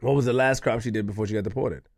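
A man's voice: mid-range voice, very fast, gravelly, a little mellow, dry recording, studio quality. A man hosting a podcast, probing his guest with pointed questions and pushing back. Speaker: podcast host. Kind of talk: casual interview chat.

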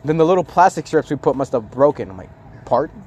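Animated young man telling a story. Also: fairly high pitch, fast, husky. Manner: animated, laughing, acts out friends' lines. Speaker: storyteller among friends. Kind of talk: casual chat.

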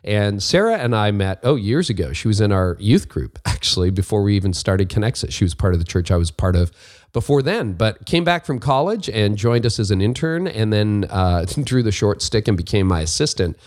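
A male podcast host with a somewhat low voice talks in a casual, upbeat monologue. He pokes fun at himself and sounds friendly and relaxed. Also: brisk. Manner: chatty, self-deprecating, upbeat.

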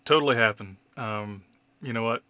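A man in his thirties talking in a casual podcast chat, candid and animated, swearing freely as he tells stories. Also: mid-range voice, moderate pace, no room sound. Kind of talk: casual conversation.

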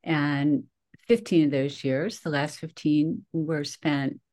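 A woman in her fifties, a guest on a podcast, telling her story in a lively, chatty way with frequent laughs. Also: low voice, slow. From Philadelphia area. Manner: animated storyteller, laughs often, acts out her own quotes. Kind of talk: casual conversational interview.

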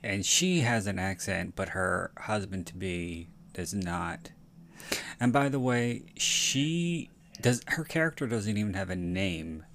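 Male podcast host, deep and unhurried, loose rambling commentary with swearing. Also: lively intonation, a bit bright, a little hiss or hum. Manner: rambling, frequent self-corrections and profanity. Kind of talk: casual movie commentary.

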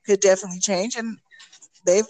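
Halting, reflective woman in casual chat. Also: medium pitch, steady tone, dark tone. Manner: reflective, halting, many restarts and "you know what I'm saying". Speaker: podcast co-host.

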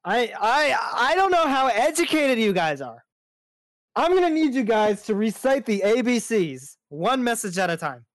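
A man's voice: very high-pitched, sing-song, moderate pace, no room sound. Man, livestream guest, joking, bossy with chat, dry close sound. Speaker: streamer guest.

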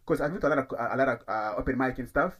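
African comedian guy, husky voice, chill and slow, keeps saying bro. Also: medium pitch, fairly bright tone. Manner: laid-back, repeats himself, says bro a lot. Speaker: stand-up comedian. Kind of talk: casual podcast chat.

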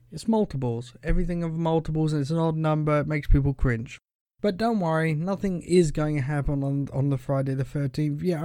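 A young man talks through a casual solo podcast in a rambling, chatty way. He keeps falling back on the same filler and chuckles between points. His voice sits a bit high, and it is recorded dry and close. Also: darkish tone, no room sound. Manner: rambling and chatty, leans on the filler "pretty much", chuckles often. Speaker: podcast host.

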